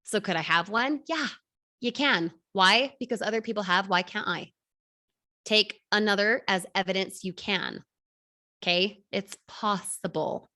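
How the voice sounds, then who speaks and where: A woman in her thirties coaching an online class, energetic, firing rhetorical questions at the audience. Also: mid-range voice, a little slow. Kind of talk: motivational class talk.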